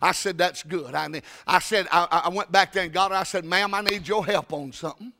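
A preacher with a high, piercing, very bright voice. He tells his story in an animated way, stumbling over restarts and then erupting into loud bursts as he drives home his sermon. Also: brisk.

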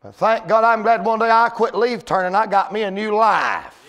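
A pastor preaches in a high, ringing voice. He tells folksy stories, then climbs into shouted lines, stretching out key words. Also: normal speed, clean tone, lo-fi sound. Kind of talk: sermon.

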